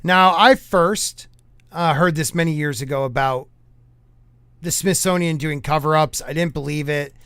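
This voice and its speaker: Male podcast host, high smooth voice, dry close sound; jokey, trips over words reading aloud. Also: normal speed, bright, forceful tone, dry recording. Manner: joking, stumbles over words while reading. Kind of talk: casual chat, reading old newspapers aloud.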